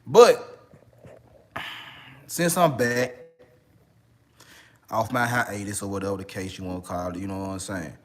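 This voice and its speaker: A man's voice: lowish voice, measured pace, long pauses, a little hiss or hum. A man with a Memphis accent talks straight to his viewers in casual, slang-heavy commentary. He is still getting over a cold, and he keeps leaning on the same filler phrases as he talks. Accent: Memphis, Tennessee. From Memphis, Tennessee. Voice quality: slangy, repeats "you know what I'm saying". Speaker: online relationship coach.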